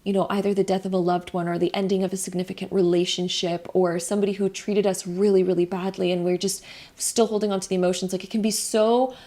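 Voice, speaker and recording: A woman's voice: medium pitch, level tone, fast talker, mellow. A young woman giving a casual spiritual card reading, chatty and self-laughing, with many fillers and restarts. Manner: chatty, laughs at herself, over-explains with many likes. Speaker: tarot reader.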